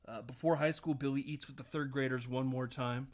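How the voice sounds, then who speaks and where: A man's voice: mid-range voice, steady tone, brisk, slight background noise. A man hosting a casual podcast, recapping a film scene by scene and acting out the lines, often laughing. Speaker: podcast host.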